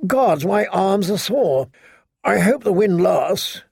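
A man's voice: high-pitched, animated, slow, gravelly, a little mellow, breathy edge, dry recording, voice pushed up, full character voice. A man voicing a weary, complaining nobleman on a boat, in a fussy way.

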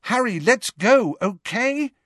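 Man reading as a bossy teen schoolgirl witch, high and strained, insistent, dry close read. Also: wildly swooping pitch, measured pace, a bit bright, dry recording, heavily acted. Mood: scared, insistent.

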